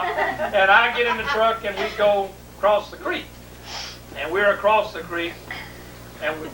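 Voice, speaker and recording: A woman telling a long humorous story to a live audience in a folksy, drawn-out way. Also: medium pitch. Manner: folksy, drawn-out, vivid retelling. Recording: distant, roomy, noisy 1980s video recording.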